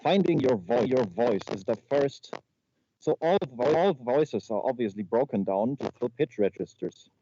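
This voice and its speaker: Man improvising a comedy talk over a muffled video call line; halting delivery with constant restarts, mellow tone. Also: mid-range voice, lively intonation. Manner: halting, repeats words, stumbles and restarts. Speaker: improv presenter. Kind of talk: improvised comedy slide presentation. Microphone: video call microphone. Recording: muffled lo-fi call audio with faint noise.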